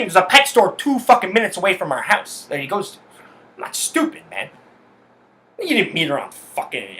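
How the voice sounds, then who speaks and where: A man delivers a heated solo podcast rant, swearing constantly as he tells his story. His voice sits a little high and comes out bright and forceful. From Canada. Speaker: podcast host. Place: his house.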